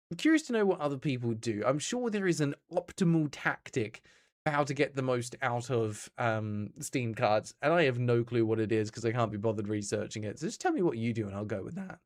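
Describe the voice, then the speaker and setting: A man's voice: mid-range voice, lively intonation, brisk, darkish tone. An Australian man streaming games, chatting casually and answering his chat as he plays.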